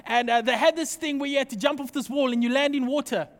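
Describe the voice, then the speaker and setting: A man delivering a sermon in a strikingly high voice, playful and animated as he acts out little scenes. His words trail off into the long echo of a large hall. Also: fast talker. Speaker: pastor.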